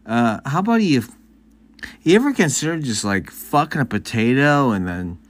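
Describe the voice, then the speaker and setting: Lively man ranting crudely for laughs. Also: moderate pace. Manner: crude, mock-angry ranting, lively swings in pitch. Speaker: podcast guest. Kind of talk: casual comedic chat.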